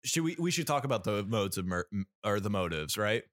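A man's voice: on the low side, sing-song, fairly quick, fairly bright tone, no room sound, studio quality. A man co-hosting a podcast, casually reviewing a film, rambling with many fillers and restarts. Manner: rambling, lots of fillers and restarts, laughs often. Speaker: podcast co-host.

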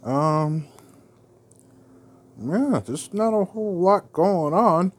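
A man with a husky voice chats casually on a podcast, his pitch jumping around a lot. He sounds tired and teases his co-host in a mumbling way. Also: expressive, very slow. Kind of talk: casual chat.

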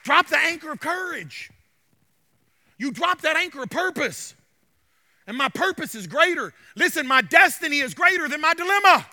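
High, bright-voiced pastor preaching. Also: male voice. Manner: impassioned preaching that urges the crowd to respond, then drops to quiet confiding. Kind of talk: sermon. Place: church.

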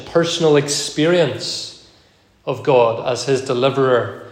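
A man preaching an evening sermon in a measured, earnest way, slowing down to read verses aloud, with an occasional cough. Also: medium pitch, fairly even intonation, reverberant. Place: church.

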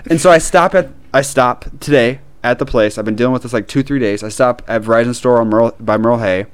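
Fast-talking ranting man. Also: medium pitch, slight background noise. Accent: Midwestern American. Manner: animated, profane ranting with frequent laughs. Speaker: podcast co-host. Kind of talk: casual storytelling chat.

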